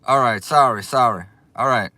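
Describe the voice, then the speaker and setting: A man hosting a casual livestream, excitable and drawling as he thanks his viewers over and over. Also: mid-range voice, normal speed, no echo. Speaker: livestream host. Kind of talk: casual live chat. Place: outdoors.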